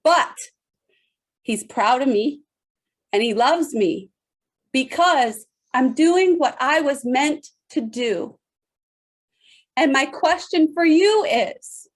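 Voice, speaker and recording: A woman's voice: high voice, animated, slow pace. A middle-aged woman, a leadership speaker, giving an emphatic motivational talk to an online audience over a video call, speaking straight to listeners and repeating phrases for weight.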